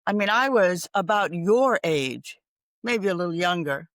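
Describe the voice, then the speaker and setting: An older woman is a guest expert in a podcast interview from her home in Ireland, reflective, reciting poetry and laughing easily. Her lowish voice is animated and measured in pace, with no room sound.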